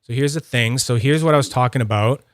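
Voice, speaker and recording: A man's voice: medium pitch, fast talker, dry recording, clean studio sound. A man with a Canadian accent hosting a live stream in casual, playful chat, laughing often. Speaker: stream host.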